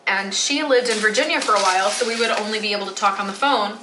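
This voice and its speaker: A woman's voice: medium pitch, fast. Twenty-something woman from metro detroit rambling while she bakes, lots of "like"s, echoey kitchen with noise behind her. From Metro Detroit, USA. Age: 20s. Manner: chatty, rambling with many "like" fillers. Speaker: vlogger. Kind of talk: casual chat while baking. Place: home kitchen.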